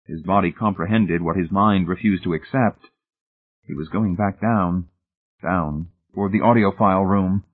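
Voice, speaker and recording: Husky male audiobook narrator, tinny sound. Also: sits low, steady tone. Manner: measured, suspenseful reading. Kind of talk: scripted narration.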